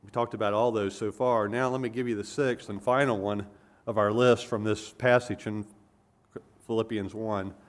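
A man preaching an expository sermon, earnest and emphatic, pausing to explain and correcting himself as he goes. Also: lowish voice, fairly even intonation.

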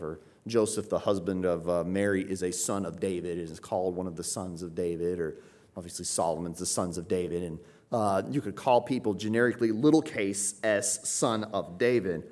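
A man's voice: fairly low pitch, darkish tone. A man teaching a Bible passage in a sermon, emphatic and repetitive, often checking in with "right?". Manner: emphatic, repeats phrases, tags points with "right?". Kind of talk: expository sermon.

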